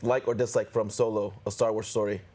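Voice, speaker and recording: A man's voice: on the low side, little pitch movement, brisk, crowd noise. Playful male TV host. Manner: playful, joking. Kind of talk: casual panel chat.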